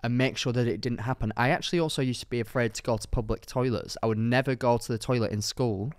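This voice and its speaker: A man's voice: mid-range voice, fairly even intonation, fast, no echo, studio quality. A young man co-hosting a podcast, telling rambling anecdotes in casual chat. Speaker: podcast co-host.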